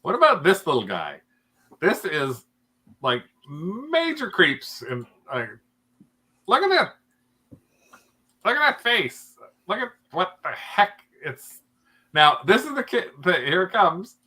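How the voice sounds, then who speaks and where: A man hosts a casual conversation, animated and quick to laugh. His voice is bright and slightly high. It swings widely in pitch. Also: slightly rough. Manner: animated, laughs often, reacts with exclamations. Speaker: podcast host. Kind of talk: casual chat.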